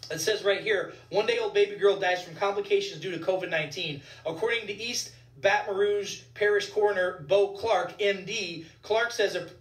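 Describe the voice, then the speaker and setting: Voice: mid-range voice, far from the mic. Ranting physician in an echoey room. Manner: indignant, ranting, repeats points for emphasis. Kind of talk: heated commentary vlog. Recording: echoey room, voice set back from the mic.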